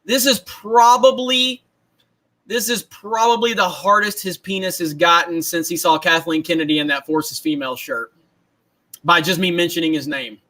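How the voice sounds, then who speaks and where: A young man with a high, bright voice rants excitedly on a casual livestream. He repeats himself, keeps cracking himself up, and talks with loose, playful energy. The tone stays sharp and lively. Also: moderate pace. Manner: excited, repetitive, laughing often. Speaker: host.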